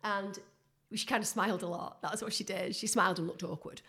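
A woman's voice: medium pitch, fairly even intonation, a little fast, sharp tone, slightly rough. A woman telling stories in an eager, casual chat, full of "like" fillers. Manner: chatty, enthusiastic storyteller with many "like" fillers.

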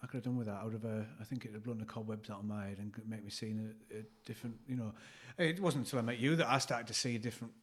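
A man's voice: lowish voice, rapid-fire, few pauses. A man chatting in a laid-back, teasing way with his partner. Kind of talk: casual chat.

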